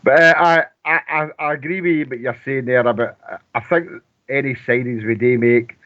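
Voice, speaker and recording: A man's voice: medium pitch, steady tone. A Scottish man chatting casually about football on a radio phone-in, rambling and restarting his sentences. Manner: rambling, halting with many restarts. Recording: tinny phone line.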